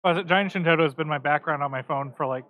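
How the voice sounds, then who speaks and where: A man's voice: a little high, very fast, pushed and bright, low-quality recording. A man co-commentating a card game tournament live, casual and eager.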